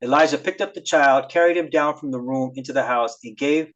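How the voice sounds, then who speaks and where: A man's voice: a little high, a little fast, muffled recording. A man casually retelling Bible stories on a podcast, reading verses and paraphrasing them with lots of fillers. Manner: retells scripture loosely with many fillers and acted quotes. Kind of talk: casual chat.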